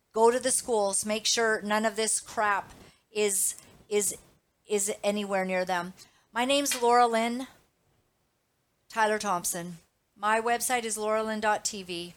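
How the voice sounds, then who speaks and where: A woman with a fairly bright, higher-pitched voice hosts her own Christian commentary show, addressing viewers directly. Her impassioned live commentary is emphatic, indignant, and preachy.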